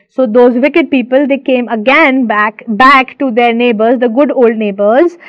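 A woman teacher from India reading a story aloud and stopping to explain each word, restating things slowly with fillers, on a dull, lo-fi recording. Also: on the high side, no echo.

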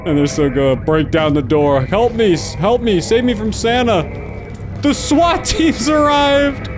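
A man playing a horror video game and commenting as he goes, yelping and laughing at the scares and muttering quietly in between. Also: normal speed. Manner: jumpy, yelps and laughs at scares, then mutters low. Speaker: gaming video host. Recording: faint game music behind.

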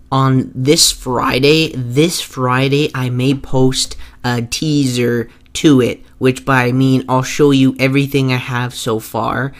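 A young man who rambles eagerly to his viewers, tripping over his words and starting his sentences over. His voice sits at an ordinary middle pitch, and his talk is loose and unscripted. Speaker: gaming video creator. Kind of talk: casual talk to viewers over gameplay footage.

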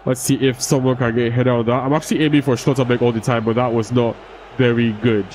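A man's voice: medium pitch, little pitch movement, fast talker, darkish tone, a little hiss or hum, low-quality recording. Young man swearing through gameplay commentary. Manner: swears freely, frustrated rants at the game. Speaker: gaming YouTuber.

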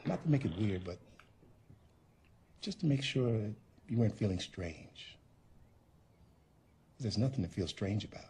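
An actor playing an awkward, gentle father who speaks in a soft, apologetic, halting way. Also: mid-range voice, breathy edge, full character voice. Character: awkward, gentle middle-aged father, overly earnest. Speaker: father in a horror film.

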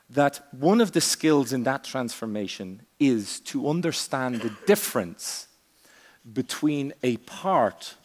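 A man giving a conference keynote speech on a stage, with a theatrical, varied delivery, long pauses and punchy asides. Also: fairly high pitch, big-room sound. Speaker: keynote speaker.

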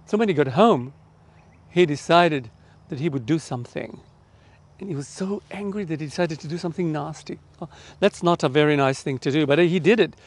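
A middle-aged Australian man speaks a little fast in a fairly high voice, telling a children's story as part of an online church service. His manner is animated and lively, and he addresses questions straight to listeners.

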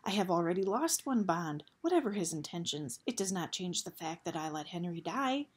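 A woman's voice: fairly low pitch, very animated, normal speed, husky. A woman voicing a grave, guilt-ridden male bat warrior who speaks formally and stiffly, without contractions.

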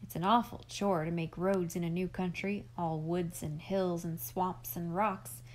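A woman's voice: fairly low pitch, steady tone, a little slow, slight background noise, natural voice. A woman voicing an eager old farmer uncle with a homespun, rambling way of talking, in an audiobook. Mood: explaining. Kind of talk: audiobook character reading.

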